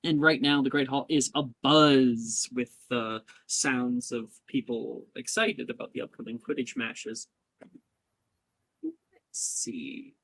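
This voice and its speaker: A man narrating a tabletop role-playing game as game master, lively and unhurried. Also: mid-range voice, husky, rough recording.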